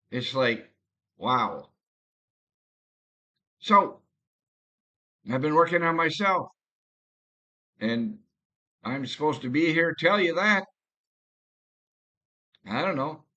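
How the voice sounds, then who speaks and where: A man talking to camera in a rambling, halting personal monologue, often restarting his sentences. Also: a little high, expressive, sharp tone, dull audio. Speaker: vlogger.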